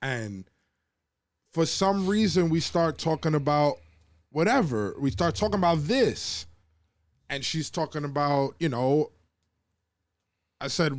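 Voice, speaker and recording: A man's voice: on the high side, animated, slow, long pauses, no room sound, clean studio sound. Profane, heated man ranting. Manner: heated, profane ranting with mocking quoted voices. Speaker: podcast co-host. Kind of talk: casual debate and storytelling.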